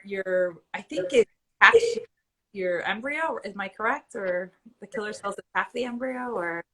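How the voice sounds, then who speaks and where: A woman's voice: medium pitch, animated, moderate pace, a bit bright, poor audio. A woman in her forties telling her own story as a patient in a live Q&A, candid and conversational, at times emotional. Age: 40s. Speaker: IVF patient guest.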